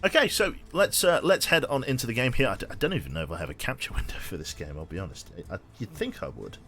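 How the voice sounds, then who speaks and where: Animated man streaming games. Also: mid-range voice, quick pace. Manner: rambling, swearing, many restarts. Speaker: game streamer. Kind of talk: casual live-stream chat.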